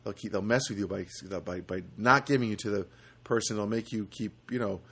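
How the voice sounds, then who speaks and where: A man's voice: on the low side, fairly quick, pushed and bright, breathy edge. A man hosting a solo podcast, talking casually and rambling, with lots of fillers and restarts. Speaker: podcast host.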